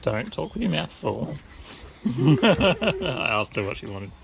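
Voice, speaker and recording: A man's voice: on the high side, sing-song, slow pace, gravelly. A man joking and chatting casually on a family travel vlog. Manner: joking, teasing. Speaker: travel vlogger. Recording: noisy outdoor camera audio.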